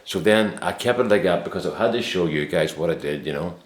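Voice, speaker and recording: Deep-voiced man in his fifties. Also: animated, fairly quick. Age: 50s. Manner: easygoing, rambling, self-mocking anecdote teller. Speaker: vlogger. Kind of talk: casual storytelling to camera. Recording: roomy echo.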